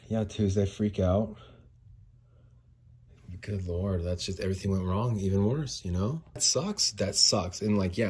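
A man's voice: fairly low pitch, mellow, slightly rough. A man hosting a podcast in a casual solo rant, frustrated and swearing, a little out of breath. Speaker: podcast host.

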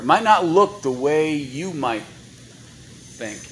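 Bright-voiced man preaching a sermon. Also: on the high side, animated, slow, a little hiss or hum, rough recording. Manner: conversational, rhetorical questions to congregation. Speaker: guest preacher. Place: church. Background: congregation responses.

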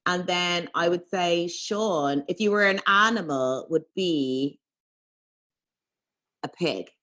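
A woman comedian on a video call, teasing the other panelists in a blunt, quick storytelling way. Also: lowish voice, pushed and bright.

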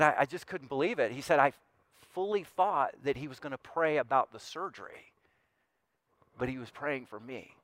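A male pastor delivers a sermon in an easy, conversational way, often restarting his phrases before pressing a point with emphasis. His voice sits at an ordinary middle pitch. The sound is dry and close, with little room around it. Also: a bit bright, clear, resonant tone, no room sound. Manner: conversational preaching with repeated restarts and emphatic swells.

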